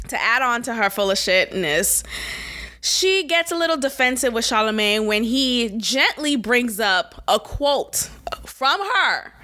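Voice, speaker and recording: A woman's voice: fairly high pitch, sharp tone. A woman hosting a podcast, giving blunt, sassy, profane commentary and mocking the people she quotes. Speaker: podcast host. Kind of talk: opinionated commentary.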